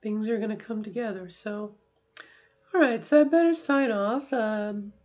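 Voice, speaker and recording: A middle-aged woman vlogging casually to camera, reflective and halting, practicing slow, deliberate speech while sore after a treatment. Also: mid-range voice, muffled recording.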